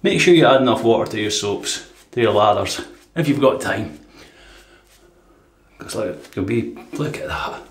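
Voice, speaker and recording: A relaxed man talks through his shave, chatty and unhurried. His voice bounces off the hard walls of a home bathroom. Faint water sounds run in the background. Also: lowish voice, echoey room, a little hiss or hum. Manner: relaxed, chatty, says "right" often. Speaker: shaving vlogger. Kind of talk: casual shave demonstration.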